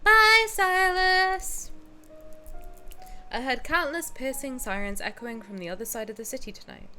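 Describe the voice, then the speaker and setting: A young adult woman streaming a game, chatting casually and reading the story aloud, excitable and prone to swearing and sudden loud outcries. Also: on the high side, fast, faint music behind. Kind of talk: casual gaming reaction stream.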